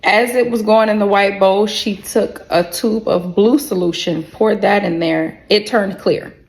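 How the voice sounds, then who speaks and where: A woman tells her own story to camera in a casual storytime vlog, with a gravelly, creaky edge on her voice. She is candid and expressive, swears freely and talks straight to her viewers. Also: mid-range voice, measured pace.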